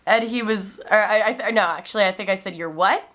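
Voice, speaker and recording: Talking fast with a medium-pitched, slightly bright voice and fairly even intonation, a young classroom aide in her twenties tells funny vlog stories casually. She uses frequent ums and lifts her voice when quoting kids.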